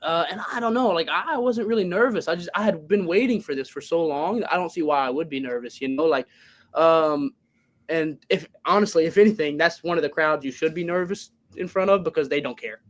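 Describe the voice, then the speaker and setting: A man's voice: on the high side, brisk. A man from Louisiana with a mixed north Louisiana and Cajun accent, telling stories as a guest in a casual podcast interview from his home. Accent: Louisiana, mix of north Louisiana and Cajun. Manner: rambling, animated storytelling with many fillers. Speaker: guest, pro wrestler.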